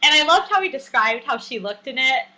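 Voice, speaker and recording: Woman co-host, high, bright voice that bounces around a lot; chatty, filler-heavy recap talk. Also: a little fast, low-quality recording. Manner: chatty, animated, many fillers and laughs. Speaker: podcast co-host. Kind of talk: casual recap chat.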